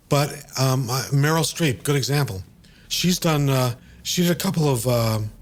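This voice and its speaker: A man, the writer of the piece, giving script notes in a discursive, halting way with many fillers, over a video call. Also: medium pitch. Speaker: writer and director.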